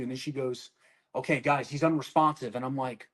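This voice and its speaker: A former army soldier with a brisk, mid-range voice tells his story bluntly and conversationally, swearing freely and acting out what other people said to him.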